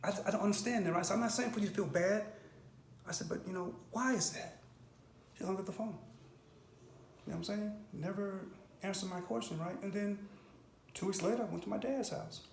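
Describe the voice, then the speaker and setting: A man's voice: high-pitched, fairly quick, creaky, long pauses, reverberant, a little hiss or hum. A middle-aged man telling his life story in an interview, earnest and emphatic, often tagging "right?" and "bro". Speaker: interview guest. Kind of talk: candid personal interview.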